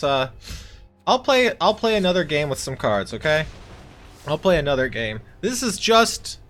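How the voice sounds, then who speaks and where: A man's voice: high voice, fairly bright tone. A man casually commenting on his own card game, talking to his opponent with mock-exasperated outbursts. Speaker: streamer playing a card game.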